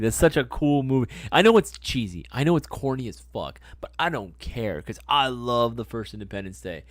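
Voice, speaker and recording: A young man hosting a casual live stream, talking loose and slangy, with the odd swear and a habit of saying things twice. His voice sits at an everyday middle pitch. The sound is close and dry. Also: dry recording. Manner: laid-back, slangy, swears, repeats phrases. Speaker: livestream host answering chat.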